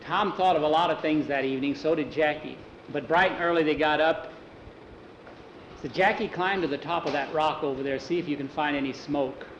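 A man's voice: a little high, steady tone, a little fast, highs cut off, a little hiss or hum. Man telling an improvised story, echoey. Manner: casual, repeats "he said", restarts words.

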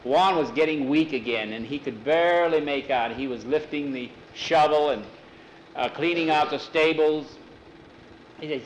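Male storyteller, slightly high voice, conversational, lots of "he said". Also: normal speed, roomy sound, a little hiss or hum, low-quality recording. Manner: conversational, repeats "he said" often. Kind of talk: spoken folk tale with character voices.

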